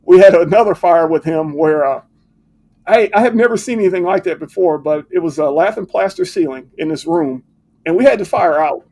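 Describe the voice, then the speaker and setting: A man's voice: high voice, a little fast. An older man, a retired fire captain, telling stories in a casual interview and acting out the lines of old colleagues. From United States. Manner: animated storyteller who acts out quoted dialogue.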